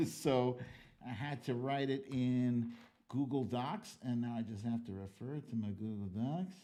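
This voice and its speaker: A man's voice: medium pitch, a little slow. An American man hosting a political livestream, ranting in a casual, profane way and reading viewer comments. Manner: animated, profane, ranting with loud outbursts. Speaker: livestream political show host.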